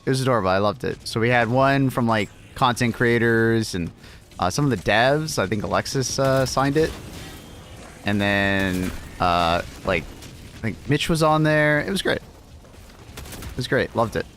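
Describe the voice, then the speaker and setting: Guy streaming a shooter, lively swoopy voice, chats to his cat, bit of hiss behind. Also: medium pitch, normal speed. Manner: chatty, talks to his cat, swears casually. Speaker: game streamer. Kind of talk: casual live-stream chat.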